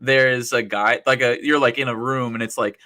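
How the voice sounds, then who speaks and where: A man's voice: mid-range voice, fairly even intonation, a little fast, pushed and bright. A man chatting as a guest on a gaming podcast, enthusiastic and telling stories in a chatty way. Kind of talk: casual podcast chat.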